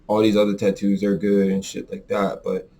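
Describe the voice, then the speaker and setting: Profane, animated man telling a story. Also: normal speed. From American South. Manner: animated, profane, swings into high exaggerated quoted voices. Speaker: podcast host. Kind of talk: casual storytelling rant.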